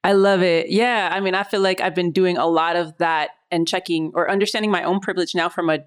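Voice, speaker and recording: A woman's voice: fairly low pitch, fairly even intonation, brisk, clean tone. A woman hosting a podcast interview, upbeat and chatty, mixing in Spanish words. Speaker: podcast host. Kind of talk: casual interview.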